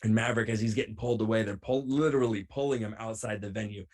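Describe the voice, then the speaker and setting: A man, a professional wrestler who is a guest on a show, tells a road story in an animated way and acts out the other people's lines. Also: fairly low pitch, fast talker.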